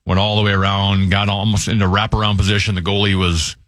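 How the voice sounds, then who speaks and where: Man, low voice, dry close sound, matter-of-fact co-host. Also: level tone, fast talker, fairly bright tone, no echo. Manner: matter-of-fact, reels off stats. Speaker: radio show co-host. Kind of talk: casual sports talk.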